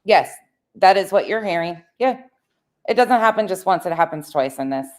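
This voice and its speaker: A woman's voice: on the low side, animated, moderate pace, slight background noise. A woman with a nasal voice, hosting reaction commentary with sarcastic, profane remarks. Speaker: commentary channel host.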